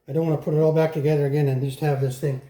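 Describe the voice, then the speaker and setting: A man's voice: fairly high pitch, level tone, racing, mellow. A man chatting casually to viewers while he works on a mower in his repair shop, correcting himself as he goes. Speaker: host fixing a lawn mower. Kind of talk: casual workshop vlog narration.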